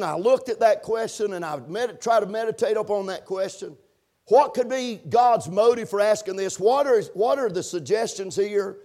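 A man preaching a sermon, punctuating his points with amens and building to shouted emphasis. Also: sits high. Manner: preaching with call-and-response amens, rising to shouts. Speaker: pastor.

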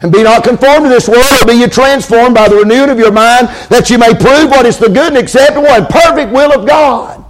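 High-voiced preacher. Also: male voice, a little fast, hardly any pauses. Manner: calls out amens, repeats lines for emphasis. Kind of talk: sermon.

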